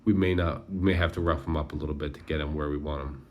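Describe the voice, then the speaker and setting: A man's voice: rumbling low, steady tone, fast, a little hiss or hum. Give me a bold, brash teenage boy, read by a man. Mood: urgent, low.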